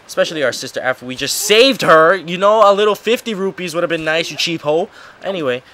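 A man's voice: on the high side, expressive, fast talker, sharp tone, slight background noise. A man casually commenting on a video game as host, joking and swearing freely, over game music. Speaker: let's play host.

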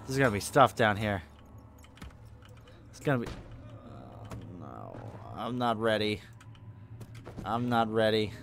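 A man's voice: on the low side, very animated, measured pace, vocal fry, pauses often, a bit bright, a little hiss or hum. A young man voicing a horror game playthrough, jumpy and swearing, pleading with and joking at the monsters. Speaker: gaming channel host. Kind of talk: horror game let's play commentary.

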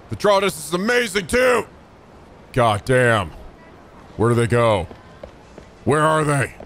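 A man hosting a let's play, commenting with excitable, shouty, profane jokes. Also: high voice, vocal fry, slight background noise. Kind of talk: gaming commentary.

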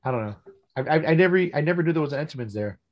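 A man's voice: a little high, animated, very fast, highs cut off. A man co-hosting a casual podcast, tossing in dry joking remarks. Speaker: co-host. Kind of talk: casual chat.

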